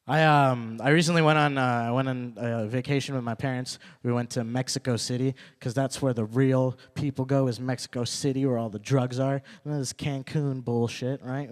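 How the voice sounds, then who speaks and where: A young man performing a stand-up set at an open mic, repeating his punchlines and working up to loud, indignant rants. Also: mid-range voice. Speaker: stand-up comedian. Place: open mic comedy night venue.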